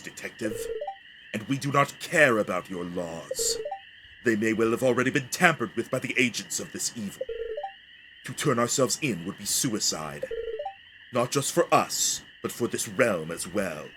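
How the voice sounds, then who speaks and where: A man voicing a stern male spirit guardian in a video game, speaking in a measured, solemn way. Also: medium pitch, pitched below the performer's own voice, lightly acted. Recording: steady background noise.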